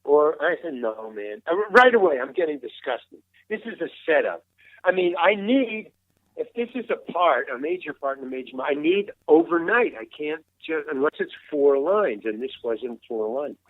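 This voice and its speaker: This veteran actor, an older guest in an interview, tells casual anecdotes in a rambling way, restarting often and voicing the other people in his stories. He speaks at a normal speed with a slightly high, animated voice. The audio is thin and phone-like, dry, with no room sound.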